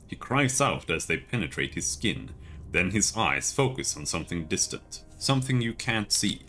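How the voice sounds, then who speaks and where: A man streaming a video game, reading its text aloud in a steady, measured way with casual asides. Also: low voice.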